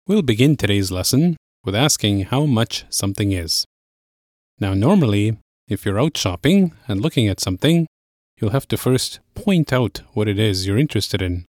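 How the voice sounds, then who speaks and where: Male lesson host, low-ish voice, dry studio read, patient and clear. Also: dry recording. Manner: clear, steady explaining, slows on key phrases. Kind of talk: language lesson presenting.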